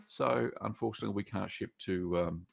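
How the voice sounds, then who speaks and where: A man's voice: deep voice, fairly quick, gravelly, breathy edge. A middle-aged Australian man hosting a live cheese-making Q&A stream, chatting casually with many fillers and greeting viewers by name.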